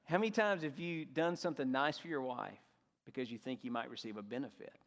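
A man's voice: mid-range voice, quick pace. Preaching man in a reverberant hall. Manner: preaching, rising and dropping for emphasis. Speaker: pastor. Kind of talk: sermon.

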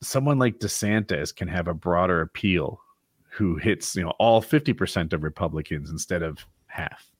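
A man's voice: sits low, expressive, normal speed, husky, dry recording, clean studio sound. A man in casual political chat, thinking aloud and hedging with lots of "like". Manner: musing, hedging with frequent "like".

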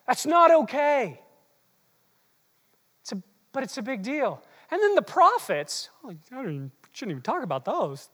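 Animated preacher in a reverberant hall. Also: sits high, normal speed, pauses often. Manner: animated, teasing, occasionally shouting. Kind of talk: sermon. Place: large hall with long reverb.

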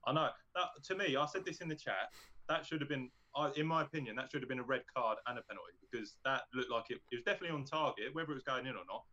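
A man's voice: medium pitch, racing, pushed and bright. A man chatting about football, blunt and sweary with many restarts. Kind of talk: casual football chat. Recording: muffled lo-fi mic.

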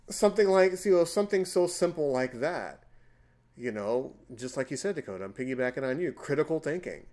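A man in his forties hosting a casual podcast chat, telling stories with loud, emphatic bursts. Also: mid-range voice, lively intonation, fairly quick. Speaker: podcast host.

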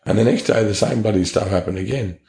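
Australian man, low gravelly voice, warm dark tone, echoey room, blunt testimony. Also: fast talker. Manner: blunt, earnest storytelling with slang. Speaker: interview guest. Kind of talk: personal testimony.

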